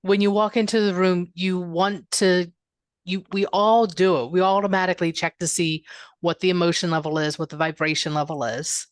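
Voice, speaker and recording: A woman co-hosting a podcast, calm and reflective, explaining her thoughts in casual chat. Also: on the low side, normal speed, no room sound, clean studio sound. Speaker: podcast co-host.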